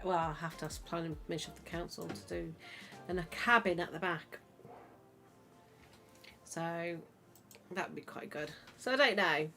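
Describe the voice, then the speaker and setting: A woman's voice: on the low side, a bit bright. Woman, podcast host, chatty, rambling, faint music underneath. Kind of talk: casual chat.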